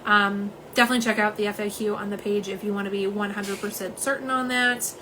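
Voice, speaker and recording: A woman, chatting casually and warmly through a nail polish livestream at home, with lots of "um"s. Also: medium pitch, steady tone, quick pace, a little hiss or hum, poor audio. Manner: chatty, many "um"s, says "y'all".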